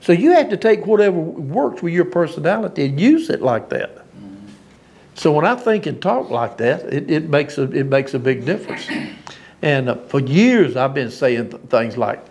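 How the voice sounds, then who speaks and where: A preacher with a drawl delivers an informal sermon in a somewhat high voice. He is folksy and emphatic, and he laughs at his own turns of phrase. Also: big pitch swings, moderate pace, gravelly, darkish tone.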